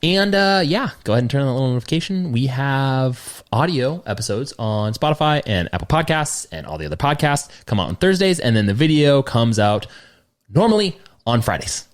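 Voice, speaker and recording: A man's voice: mid-range voice, very animated, brisk. A man co-hosting a casual podcast, rambling with lots of fillers and restarts. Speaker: podcast co-host.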